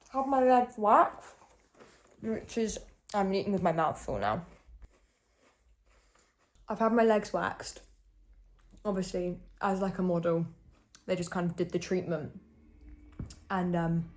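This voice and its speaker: A woman's voice: fairly low pitch, darkish tone. A young woman, chatting casually to her camera in a rambling vlog, full of ums and little laughs. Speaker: vlogger. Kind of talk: casual chat. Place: home. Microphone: handheld camera.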